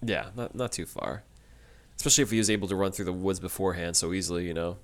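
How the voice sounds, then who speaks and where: Low-voiced easygoing man recapping a show. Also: fast talker. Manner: easygoing, wry, retells plot with quoted lines. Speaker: podcast co-host. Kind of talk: casual recap chat.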